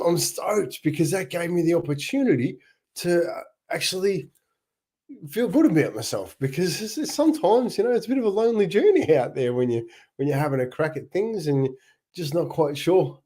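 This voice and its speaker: Upbeat Australian man telling stories, husky voice. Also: fairly high pitch, darkish tone. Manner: upbeat storytelling with frequent laughs and restarts. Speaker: not-for-profit founder and livestream host. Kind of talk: casual livestream monologue.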